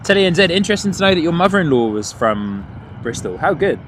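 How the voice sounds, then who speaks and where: A man hosting a live plane-spotting stream outdoors at an airport, chatting with viewers in a rambling way, with many fillers and restarts, and excited by good landings. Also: fairly high pitch, quick pace. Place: outdoors at an airport viewing spot. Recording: outdoor traffic noise. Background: outdoor traffic and ambience.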